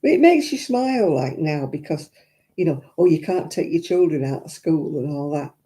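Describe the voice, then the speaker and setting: A woman's voice: low-pitched, animated, moderate pace, mellow. An older woman with a Lancashire accent hosting a crafting livestream, chatting casually and rambling through viewer comments with frequent chuckles. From Royton, North West England.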